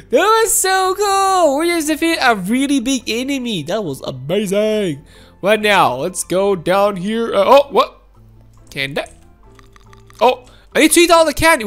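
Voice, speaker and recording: High, lively woman narrating gameplay. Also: unhurried, soft background music. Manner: excitable, gasping and laughing, talks to viewers. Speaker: gameplay video host. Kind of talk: excited gameplay commentary.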